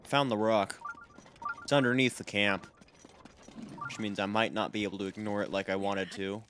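Fairly low in pitch, with fairly even intonation, moderate pace, and a slightly bright tone, a man's voice comes with slight background noise and game music. He's hosting a let's play, rambling casually through gameplay commentary, making self-deprecating jokes, and talking to his viewers.

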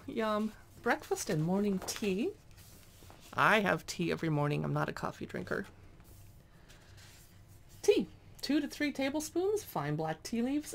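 Woman, casual cookbook flip-through, lively pitch, gravelly edge, faint background noise. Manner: chatty, reads dish names aloud with little asides. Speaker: cookbook reviewer.

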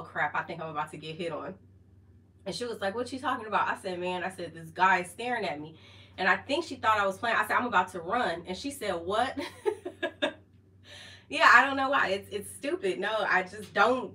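Bright, chatty woman vlogging by phone. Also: fairly low pitch, far from the mic, poor audio. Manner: chatty, laughs often, trails off and restarts. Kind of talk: casual chat to camera. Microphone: phone camera.

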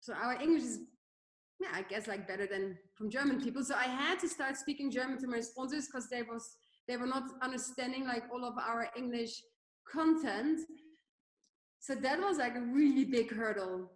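A woman's voice: on the high side, moderate pace. A woman in her thirties with a Dutch accent, chatting casually as a panel guest, full of "like" fillers. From Netherlands. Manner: chatty, many "like" fillers, laughs easily. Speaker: guest entrepreneur. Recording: echoey room.

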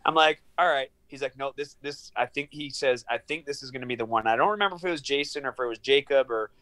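A man in his thirties on a video call from his small studio apartment, telling a long story in an animated, profane way and acting out the dialogue. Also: mid-range voice, quick pace. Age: 30s. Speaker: guest, professional fighter. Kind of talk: casual storytelling interview.

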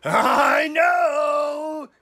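A man voicing an overexcited male duck in a children's storybook, shouting his lines high and loud. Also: extremely slow, gravelly, exaggerated voice. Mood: excited.

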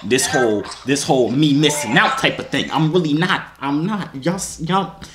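Young man teasing strangers over noisy video chat. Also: normal speed.

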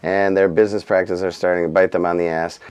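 A man being interviewed, telling animated, profane anecdotes about his band. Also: sits low, fast, clean tone, rough recording. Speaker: musician interviewee. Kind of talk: storytelling interview.

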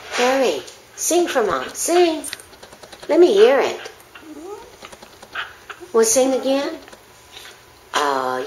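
A woman's voice: fairly high pitch, background noise. Sing-song woman coaxing her dog. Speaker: dog owner filming her pet. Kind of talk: coaxing baby talk to a dog. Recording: echoey room.

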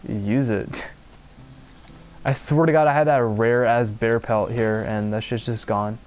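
A man's voice: mid-range voice, fairly even intonation, takes it slowly, darkish tone. A young man from Pennsylvania talking casually and profanely over a video game he is playing, often exasperated and rambling. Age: young adult. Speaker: streamer. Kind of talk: casual gameplay commentary.

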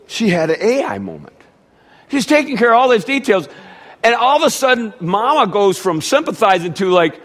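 This middle-aged pastor's sermon includes a family story told in a storytelling manner, complete with lively impressions of his relatives. His voice is high-pitched and his speed normal.

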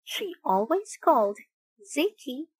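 Slow, expressive woman reading a picture book. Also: high voice, no echo, rough recording. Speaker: storybook reader.

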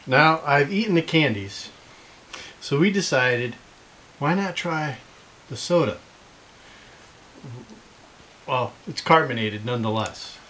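A man's voice: mid-range voice, expressive, measured pace, sharp tone, a little hiss or hum, rough recording. A middle-aged man from the United States, a father hosting a casual snack-tasting video, who rambles and teases with dry jokes. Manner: rambling, teasing, jokey.

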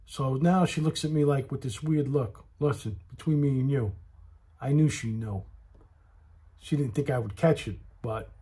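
Husky man ranting a story. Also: mid-range voice, moderate pace, dark tone. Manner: aggrieved, talks straight to the listener, repeats himself. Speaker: vlogger telling a story. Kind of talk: casual storytelling rant.

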